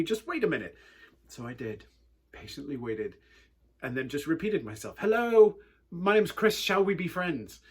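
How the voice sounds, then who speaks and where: A man with an English accent, telling a personal story in an animated, wry and earnest way as a youth speaker. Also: mid-range voice, slightly rough. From England.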